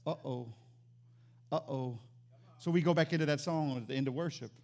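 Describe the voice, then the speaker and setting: A man preaching as pastor, animated, swinging from loud exclamations to quiet emphatic lines. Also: on the high side, moderate pace. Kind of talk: sermon.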